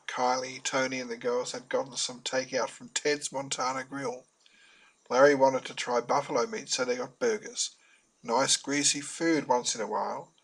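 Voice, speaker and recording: A man's voice: medium pitch, fairly bright tone, low-quality recording. A man with a mid-range voice reads his own story aloud in a chatty, wry style. He slips in joking asides between plain narration, as in a homemade audiobook. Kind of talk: self-published audiobook narration.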